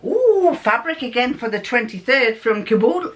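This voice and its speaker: A woman's voice: fairly high pitch, very animated, moderate pace. A woman vlogger in casual chat, chatty and scattered, often stopping to correct herself.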